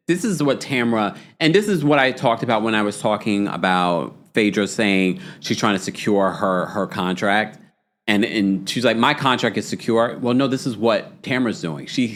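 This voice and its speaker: A young man hosting a casual recap of reality TV, chatty and opinionated. His pitch swoops up and down, reaching high for the lines he acts out. His voice sits in a middle register for a man. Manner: animated and gossipy, with exaggerated quoted voices. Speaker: podcast host recapping reality TV.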